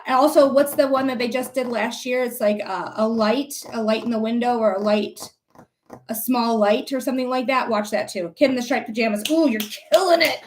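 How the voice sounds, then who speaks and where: A woman's voice: fairly high pitch, slight background noise. A young woman livestreaming as a psychic reader, ranting angrily and profanely while answering her chat viewers. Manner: angry, profane, addresses chat viewers by name. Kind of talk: live-stream chat and rant.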